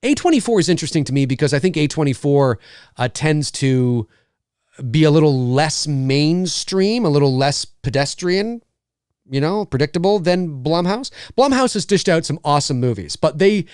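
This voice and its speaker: A man's voice: fairly high pitch, lively intonation, normal speed, a little mellow, smooth, no echo. A man hosting a casual livestream from a home studio, rambling and joking as he reads viewer comments on a studio mic. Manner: rambling, joking, lots of fillers. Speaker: livestream host. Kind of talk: casual live chat reading comments.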